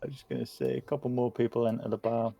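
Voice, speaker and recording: A man narrating a tabletop game as game master in a relaxed, descriptive way. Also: medium pitch, fast talker, creaky.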